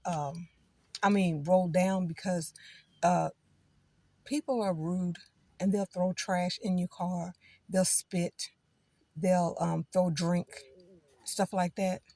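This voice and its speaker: A woman's voice: on the low side, gravelly, dark tone, dry recording. A middle-aged woman chatting casually to her viewers from a parked car, rambling from one thought to the next. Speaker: vlogger. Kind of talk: casual chat.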